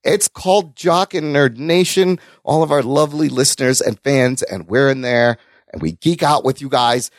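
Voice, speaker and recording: A man's voice: mid-range voice, normal speed, dry recording, studio quality. A man co-hosting a podcast, chatting casually with plenty of swearing and reading out listener comments. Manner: animated, profane banter, reads listener comments. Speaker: podcast co-host. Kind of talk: casual chat.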